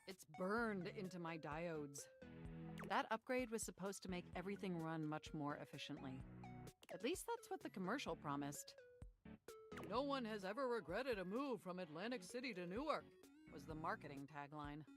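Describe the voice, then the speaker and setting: A woman's voice: lowish voice, normal speed. A woman voicing a talkative female computer operating system in a video game, groggy from an update and joking about it. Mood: wry, chatty. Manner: lively, joking, conversational. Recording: game music underneath. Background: game music.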